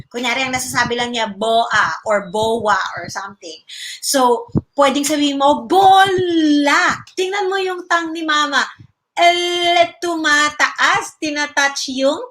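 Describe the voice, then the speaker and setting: A Filipino woman hosts a casual livestream and answers parents' questions as a speech-language pathologist. Her voice sits a bit high and sounds bright and forward. She explains things patiently and slips between English and Tagalog. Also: rough recording. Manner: explains patiently, demonstrating mouth sounds with emphasis; greets viewers by name.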